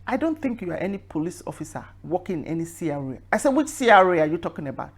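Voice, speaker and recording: A woman hosting her own talk show, telling a story by acting out a phone call, then preaching and reading scripture slowly and with emphasis. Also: fairly low pitch, sing-song, husky. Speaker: host. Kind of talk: casual talk with a sermon-like close.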